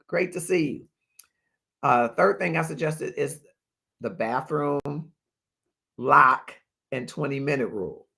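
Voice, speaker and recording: A man's voice: mid-range voice, animated, takes it slowly, vocal fry, pauses often, bright, forceful tone. A man hosting a live advice stream, emphatic, repeating his key points and thanking viewers by name. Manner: reads viewer comments and thanks them aloud. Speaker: livestream host.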